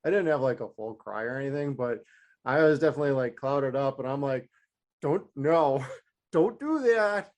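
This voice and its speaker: A man's voice: medium pitch, moderate pace, darkish tone. A man co-hosting a podcast, talking through a TV season in an easygoing casual chat, chuckling and quoting his own reactions. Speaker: podcast co-host. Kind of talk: casual chat recapping a TV show.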